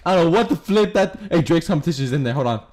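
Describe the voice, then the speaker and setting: A man giving casual, profane gameplay commentary as a streamer, excitable and prone to yelling. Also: fairly high pitch, racing. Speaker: gaming streamer. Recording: noisy game audio behind.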